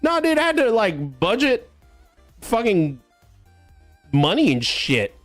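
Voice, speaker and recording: A man's voice: high-pitched, wildly swooping pitch, slow pace, faint music behind. A man in his thirties, a streamer, casually telling a long story in a rambling, profane way full of fillers. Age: 30s.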